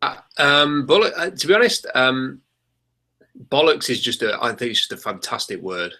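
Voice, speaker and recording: A man's voice: mid-range voice, lively intonation, normal speed, vocal fry, sharp tone. A man co-hosting a casual sports podcast, chatty and hesitant, with lots of ums. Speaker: podcast co-host.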